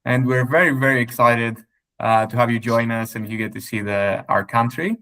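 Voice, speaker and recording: A man from Greece, a local tour organizer welcoming clients on a video call, friendly and halting with many fillers. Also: mid-range voice, fairly even intonation, pushed and bright.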